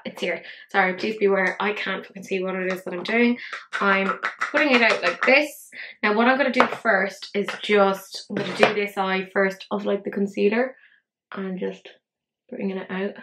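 A woman's voice: medium pitch, moderate pace, a bit bright, slight background noise, low-quality recording. A woman in her thirties chatting casually through a makeup tutorial. She swears freely and talks to herself as she works. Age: 30s. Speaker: beauty vlogger.

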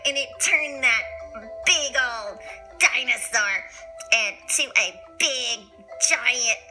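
A woman tells a children's bedtime story with a high, very bright voice. She reads playfully, full of animated sound effects, with soft music underneath. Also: rough recording. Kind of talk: expressive children's story reading.

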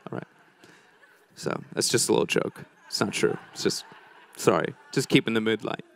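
A man's voice: fairly low pitch, moderate pace, vocal fry. A middle-aged man preaching a sermon, telling a story in a casual, joking way with many restarts.

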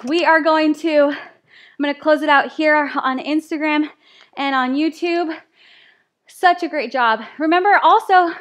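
High, unhurried woman fitness instructor. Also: a bit bright. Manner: counts reps aloud, upbeat encouragement. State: out of breath. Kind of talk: live workout class coaching.

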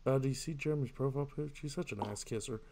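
A man's voice: mid-range voice, very fast, dark tone. A man doing let's play commentary, reading in-game texts aloud and answering them with jokes. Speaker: gamer.

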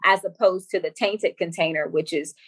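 A woman's voice: on the low side, moderate pace, husky, no room sound. A young woman, a guest on a podcast, telling her own story in casual chat and acting out what others said. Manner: lively storyteller who acts out quoted dialogue. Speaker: podcast guest, women's coach.

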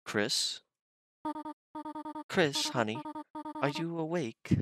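A man voicing a gentle, motherly woman in a put-on soft British accent. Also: on the high side, huge pitch swings, drawn-out words, pitched above the performer's own voice, heavily acted. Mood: gentle, mildly scolding.

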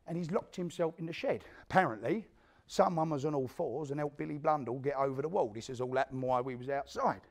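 A man's voice: a little high, fast, close to an everyday voice. An actor with a London accent playing a hard, spiteful male gangster who recounts a brutal feud in a coarse, swearing theatrical monologue, re-enacting the scenes as he goes. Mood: grim boasting. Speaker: actor performing a stage monologue.

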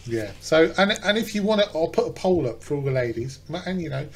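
A man's voice: a little high, expressive, brisk, vocal fry. Jokey British man hosting a podcast. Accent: British English. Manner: jokey, teasing. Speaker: podcast host. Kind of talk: casual chat.

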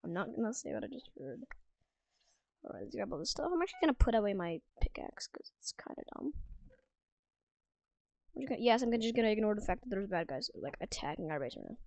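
A woman's voice: mid-range voice, very animated, fast talker, creaky, pauses often, darkish tone, dry recording. Chatty woman commentating a game. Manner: chatty, self-mocking, drops into whispered asides. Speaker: gaming video creator. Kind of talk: casual gameplay commentary. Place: room at home.

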